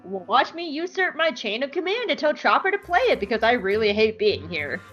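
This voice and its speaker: Woman voicing a sulky male space knight, sarcastic, grumbling, lively, dull audio. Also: fairly high pitch, normal speed, soft background music.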